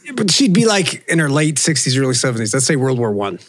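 A man co-hosting a casual podcast, dropping joking, deadpan asides. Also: medium pitch, quick pace, no room sound. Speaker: podcast co-host. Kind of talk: casual banter.

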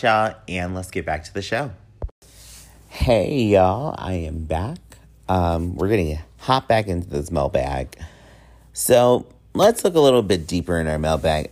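A man's voice: low-pitched, a little mellow. A young man hosting his own podcast alone, talking candidly and with camp sass. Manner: candid, sassy, campy. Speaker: podcast host. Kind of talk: casual solo podcast chat.

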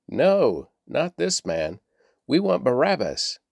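An angry mob of priests and temple leaders, shouted out by a man reading aloud. The lines come loud and raised in pitch, and the sound is dry and close. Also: wildly swooping pitch, slow pace, gravelly, slightly rough, no echo, full character voice. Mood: shouting.

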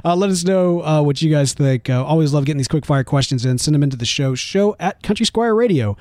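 A man's voice: a little high, lively intonation, fast talker, darkish tone. Laid-back rambling male podcast host. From United States. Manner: laid-back, rambling, often says "man". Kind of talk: casual chat.

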